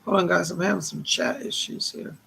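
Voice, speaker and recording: A man doing live psychic readings on a stream, calmly reassuring viewers and passing on messages. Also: high voice, brisk, creaky, slight background noise. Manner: reassuring, relays spirit messages, reads viewer questions aloud.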